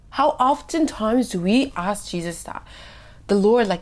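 A woman giving an informal Bible reflection. She talks casually with many fillers, acts out the scenes, and often drops to a hushed voice. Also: a little high, unhurried. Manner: expressive, acts out the scripture scenes. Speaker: devotional podcast host.

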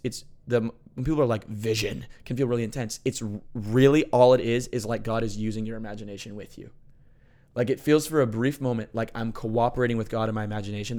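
His pitch is fairly low as he tells stories about prayer in a relaxed but sincere conversation. He keeps restarting sentences and turns animated when he gets excited.

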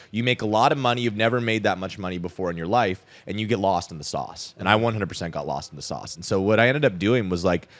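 A young man with a fairly low voice tells a long personal story as a podcast guest. He rambles loosely, leans on "like" and swears casually. The recording is close and dry. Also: no room sound.

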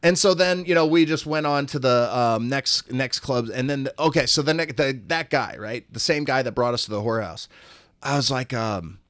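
Man, casual storytelling, animated, mimics voices, dry close sound. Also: mid-range voice, moderate pace, no room sound. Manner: animated, acts out voices of people in his stories. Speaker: guest.

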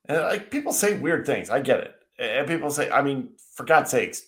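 A man in the middle of a heated political rant, swearing as he goes and tripping over his own restarts. His voice sits at an ordinary pitch and carries a roomy, echoey ring from the space around him. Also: big pitch swings, normal speed, fairly bright tone. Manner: ranting, swearing, frequent restarts. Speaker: podcast co-host. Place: indoors, seated at a desk.

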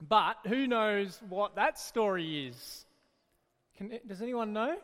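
In a hall with a long echo, a children's church leader tells a Bible story to kids. He speaks slowly in a high voice, sounding lively and encouraging.

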